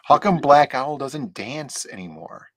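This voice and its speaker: A man's voice: medium pitch, animated, a little slow, no room sound. A man co-hosting a casual talk stream, dropping dry, joking quips. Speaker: co-host of a comics talk stream. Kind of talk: casual chat.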